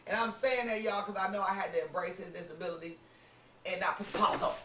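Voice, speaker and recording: A woman podcast host telling a story in casual chat, animated and acting out what people said. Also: mid-range voice, fast, a little hiss or hum. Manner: animated, acts out quoted lines, lots of "you know what I'm saying". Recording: roomy room, distant mic.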